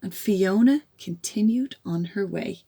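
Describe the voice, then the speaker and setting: A woman, a teacher, reading a children's storybook aloud with gasps and hushed asides. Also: medium pitch, a little slow, creaky, a little hiss or hum. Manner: animated, with stage gasps and whispers.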